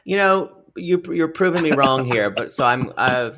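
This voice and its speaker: Animated campy male podcast co-host. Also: medium pitch. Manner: campy, animated, quick to joke. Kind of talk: casual recap chat.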